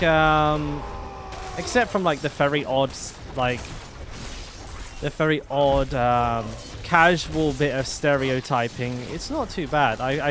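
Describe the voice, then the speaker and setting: A man's voice: medium pitch, background noise. Rambling young man streaming. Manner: rambling, full of "like" and restarts. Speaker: game streamer. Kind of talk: casual live-stream chat.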